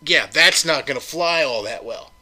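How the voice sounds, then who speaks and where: A man on his own podcast delivers a profane, mocking rant, jabbing at listeners with sarcastic rhetorical questions. His voice sits a bit high and rings hard and sharp, with a tense, forceful edge on every line. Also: expressive, normal speed. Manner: profane, sarcastic, heated ranting. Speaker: podcast host. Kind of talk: solo political rant.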